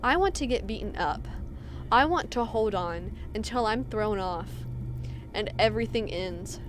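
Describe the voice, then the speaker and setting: A woman's voice: medium pitch, expressive, a little slow, noisy background, close to an everyday voice. A woman reading a weary young cat girl. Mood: brooding. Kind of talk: reading game dialogue aloud.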